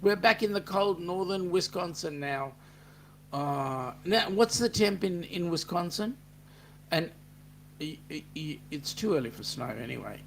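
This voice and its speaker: Australian male host, unhurried joking chat, faint hiss. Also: a little high, vocal fry. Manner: joking, chatty, reads viewer comments aloud. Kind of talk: casual livestream chat reading comments.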